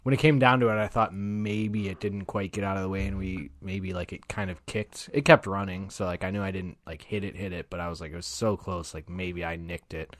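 A man's voice: deep voice, fairly even intonation, fairly quick, few pauses, dry recording. A man co-hosting a casual podcast, chiming in with dry, teasing remarks. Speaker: podcast co-host. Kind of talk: casual chat.

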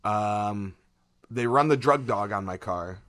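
A man co-hosting a podcast, telling a story in a rambling, animated way and acting out the quotes between laughs. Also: lowish voice, takes it slowly. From Ohio, USA. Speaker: podcast co-host. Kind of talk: casual storytelling chat.

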